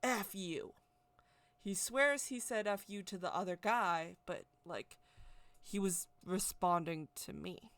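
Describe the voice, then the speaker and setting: A woman's voice: lowish voice, unhurried, a bit bright, no room sound. A woman vlogger telling a casual story in a rambling way, often repeating and correcting herself. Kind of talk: casual spoken anecdote.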